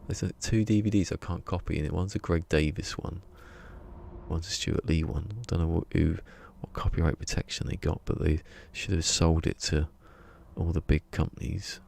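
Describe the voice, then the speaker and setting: Low gravelly man streaming. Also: darkish tone, slight background noise. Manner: rambling, chuckling, talks to himself while building. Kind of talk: casual gaming stream chat. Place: home room.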